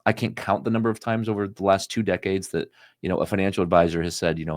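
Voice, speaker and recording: A male financial advisor guesting on a podcast, telling stories quickly and acting out the voices of people he quotes. His voice is very low and sounds dry and close, with no room echo. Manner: fast, animated storyteller acting out quoted dialogue. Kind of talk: casual interview storytelling.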